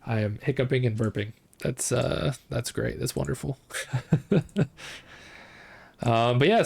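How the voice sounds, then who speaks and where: A man streams a game and chats easily with his viewers, his voice sitting at an ordinary pitch with a gravelly edge. His tone is relaxed and unhurried, a casual running commentary as he plays. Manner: laid-back, chatting with viewers while playing.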